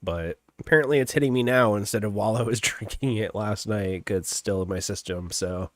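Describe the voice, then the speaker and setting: A young man with a stuffy nose and a fairly low voice hosts a gaming livestream, speaking a little fast with no echo. He's relaxed and rambling and chuckles often.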